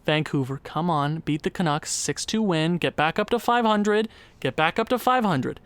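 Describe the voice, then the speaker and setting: A young man commenting on his own gameplay, sighing and exasperated, his voice jumping high when frustrated. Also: normal speed, fairly bright tone, clean tone, no echo. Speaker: gaming YouTuber.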